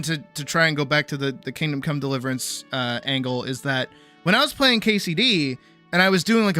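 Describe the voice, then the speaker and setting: Bright-voiced woman chatting on stream. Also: sits low. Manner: rambling, acts out quoted voices of other people; swears casually. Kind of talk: casual chat with a live chat audience.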